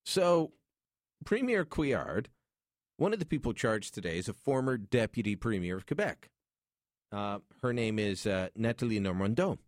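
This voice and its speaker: Animated talk radio host. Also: male voice, on the low side, moderate pace, no room sound, studio quality. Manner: animated, joking, opinionated. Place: radio studio. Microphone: studio microphone.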